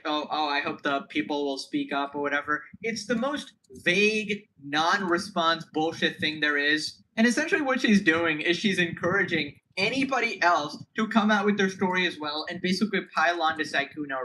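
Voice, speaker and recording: Man, high voice, sarcastic reaction commentary, mocking mimicry, faint background hiss. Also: sharp tone, low-quality recording. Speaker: co-host reacting to a clip.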